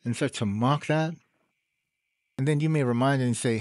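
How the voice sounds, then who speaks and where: Middle-aged guy rambling thru a story, laughs a lot, normal pitch, dry close mic. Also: normal speed, long pauses, darkish tone, dry recording. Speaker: host. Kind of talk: casual monologue.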